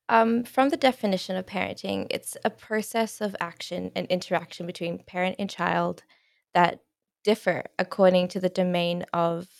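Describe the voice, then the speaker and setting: A woman hosting a podcast interview, reading her questions in a measured way. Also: medium pitch, vocal fry, no echo, studio quality. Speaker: podcast host.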